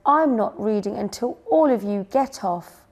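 A woman's voice: mid-range voice, unhurried, dark tone, close to an everyday voice. Woman doing a fussy little owlet. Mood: insistent. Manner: insistent, complaining. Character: small fussy male owlet who loves reading.

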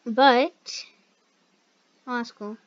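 A woman hosting a gaming video, chatting casually through the play, chatty and excitable and yelping when startled. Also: a little high, extremely slow. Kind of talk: casual gameplay commentary. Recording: dull lo-fi recording.

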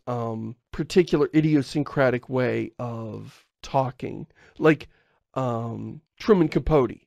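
A man's voice: medium pitch, gravelly, dry recording. An American man co-hosting a podcast, chatting casually and playfully about doing character voices. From United States. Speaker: podcast co-host. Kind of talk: casual chat.

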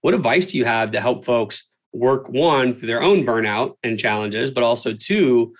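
Male podcast host, mid-pitched, earnest, self-correcting as he asks long questions. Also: animated, normal speed, poor audio. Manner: earnest, many fillers and restarts. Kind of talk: interview questions and conversation.

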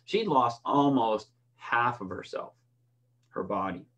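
A middle-aged man coaching swimmers in an informal lesson. He talks conversationally in a voice of middling pitch, weaving in stories, stumbling into restarts and tagging points with "right?". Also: lively intonation, slow, fairly bright tone, dull audio. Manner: conversational, restarts often and keeps asking "right?". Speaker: swim coach. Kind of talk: instructional talk with personal stories.

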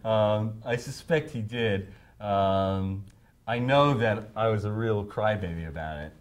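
Guy in his 50s spinning studio stories, jumps into high voices for quotes, laughs a lot. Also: a little slow. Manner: animated storyteller, acts out quotes in raised voices, laughs often. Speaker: songwriter interviewee. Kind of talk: anecdotal interview storytelling.

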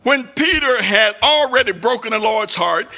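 A man preaching a sermon in a sing-song cadence that rises to shouts. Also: extremely high pitch, animated, a little slow, vocal fry.

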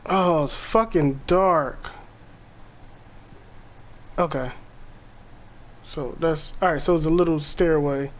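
Let's-play host, mid-range voice, slow delivery, spooked and profane, direct-to-viewer chatter. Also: medium pitch. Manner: jumpy, easily spooked, swears a lot, talks to viewers. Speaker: gaming channel host. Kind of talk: horror game let's-play commentary.

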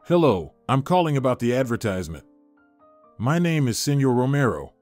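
A man's voice: mid-range voice, very animated, moderate pace, a little mellow, dry recording, soft background music, lightly acted. A man voicing a polite, weary retired man in his sixties looking for work. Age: 60s. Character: hopeful retired old man.

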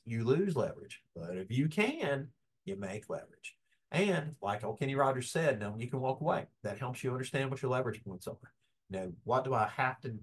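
A man giving a casual, calm webinar lecture over a video call. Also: medium pitch. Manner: folksy, conversational, calm tone. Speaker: business law presenter. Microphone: video call webcam.

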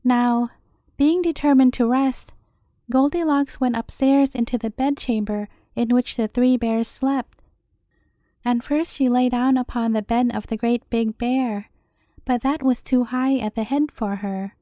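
A woman reading a fairy tale aloud as a bedtime story, in an even, measured way. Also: on the high side, no echo, clean studio sound.

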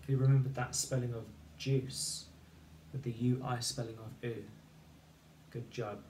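A man's voice: mid-range voice, little pitch movement, measured pace, mellow, slight background noise. A man teaching a phonics lesson, patiently dictating a sentence and spelling words out letter by letter. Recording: echoey room, voice from far off.

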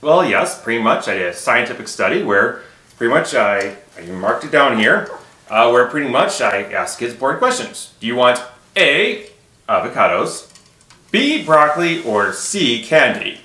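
A man's voice: medium pitch, big pitch swings, normal speed, sharp tone. A man guesting on an interview, chatting about puppetry in a playful, joking way. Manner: playful, jokey storytelling. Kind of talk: casual interview. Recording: echoey room.

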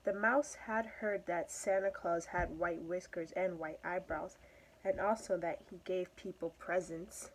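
A woman's voice: lowish voice, steady tone, measured pace, slight background noise, poor audio. Young woman reading a children's story. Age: teenager or young adult. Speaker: student reader.

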